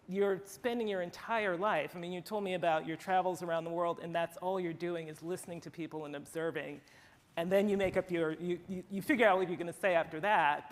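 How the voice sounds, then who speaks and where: An interviewer asking a guest questions in an onstage conversation, thoughtful and leading. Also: mid-range voice. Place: conference hall. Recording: hall reverb, faint crowd.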